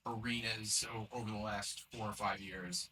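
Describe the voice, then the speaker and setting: Bright-voiced man, distant mic. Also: fairly low pitch, steady tone, normal speed. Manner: stammering, chatty, persuasive. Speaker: co-host. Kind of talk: casual podcast chat. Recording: distant mic, faint noise.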